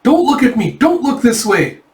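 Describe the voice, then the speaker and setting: Man putting on a jittery young official, shrill, frantic, whiny, echoey room, distant mic. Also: brisk, a bit bright, lightly acted. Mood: panicked. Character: jittery young male official, easily panicked.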